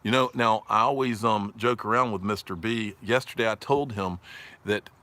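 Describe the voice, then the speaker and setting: Southern male stream host, slightly low voice with a forceful edge, jokey, reads comments. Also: normal speed. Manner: rambling and jokey, laughs often, reads viewer comments aloud. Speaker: livestream host. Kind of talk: casual livestream chat.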